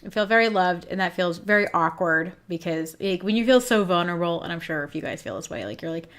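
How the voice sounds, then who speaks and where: A woman's voice: fairly low pitch, expressive, quick pace, fairly bright tone. A woman hosting a livestream for groomers, speaking candidly and emotionally while teary-eyed, reading viewers' comments aloud. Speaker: host of a groomer business show.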